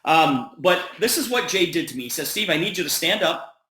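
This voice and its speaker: Man, bright voice, slightly high, animated storyteller, echoey room. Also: a little fast. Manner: animated storyteller quoting dialogue. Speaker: presenter. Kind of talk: storytelling sales presentation.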